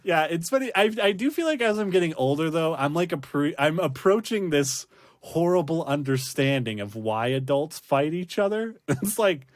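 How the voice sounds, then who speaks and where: A man's voice: a little high, animated, moderate pace, dry recording, clean studio sound. A man hosting a casual rewatch podcast, laughing often and rambling through fillers and restarts. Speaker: podcast host.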